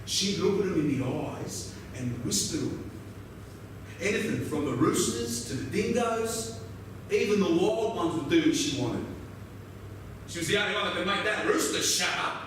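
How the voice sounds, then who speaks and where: An actor with an Australian accent playing a weathered, laconic outback roadhouse local who drawls through a swearing yarn. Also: male voice, sits high, animated, normal speed, fairly bright tone. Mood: wry. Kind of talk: theatrical monologue. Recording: very echoey, distant mic, noisy ambience.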